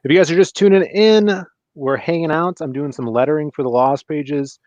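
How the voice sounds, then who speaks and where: A man hosting a casual livestream, chatting with guests and plugging links to viewers in a relaxed way. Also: on the high side, moderate pace, dry recording. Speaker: livestream host. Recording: dull, dry lo-fi mic sound.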